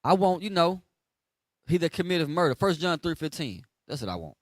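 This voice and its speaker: A man's voice: fairly high pitch, brisk, no echo. Blunt slangy man preaching. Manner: blunt, slangy, animated, asks the crowd to finish verses. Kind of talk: street sermon teaching.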